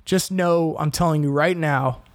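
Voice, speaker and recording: A man's voice: on the high side, fairly even intonation, a little slow, no echo, clean studio sound. A young man hosting a solo podcast, ranting casually with lots of cursing and self-deprecating asides. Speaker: podcast host.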